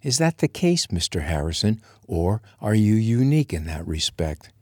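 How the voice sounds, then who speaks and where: A man's voice: on the low side, sing-song, normal speed, a little mellow, no room sound, clean studio sound. A man voicing a proud, prim young lady who speaks in a haughty, formal way.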